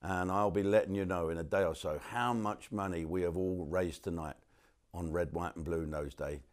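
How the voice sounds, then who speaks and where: A man's voice: deep voice, steady tone, normal speed. A male host signing off the night in a blunt, chummy way, talking straight to the audience. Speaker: show host. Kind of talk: closing sign-off.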